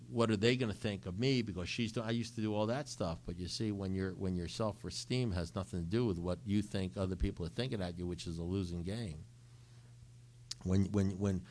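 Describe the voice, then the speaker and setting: Man, middle-aged, low voice, recovery-share storyteller who acts out both sides of conversations. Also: a little mellow. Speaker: recovery speaker. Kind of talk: recovery talk to a group.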